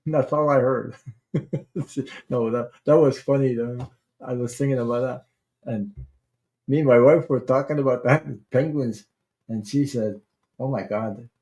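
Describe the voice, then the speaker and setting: Male livestream host from Canada, casual and halting, unhurried, dark mellow tone. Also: mid-range voice, dull audio. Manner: rambling, halting, greets viewers warmly by name.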